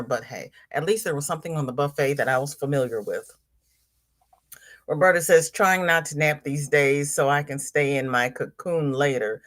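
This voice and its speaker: A woman whose voice sits low and a bit bright hosts a relaxed livestream from home. She reads out comments from viewers and answers them conversationally.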